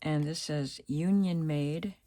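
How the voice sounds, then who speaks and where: A woman vlogging casually about her craft supplies, thinking aloud and admiring each item, her voice still rough from the morning. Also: low voice, no room sound. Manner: slow and chatty, softly admiring, thinking aloud. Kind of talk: casual show-and-tell vlog.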